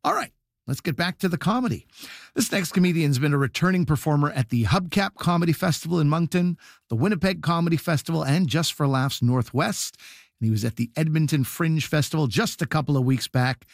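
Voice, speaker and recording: A man acting as emcee, introducing the next comedian at a slow, announcing pace. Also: on the high side, vocal fry, no echo, studio quality. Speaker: festival emcee. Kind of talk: introducing an act.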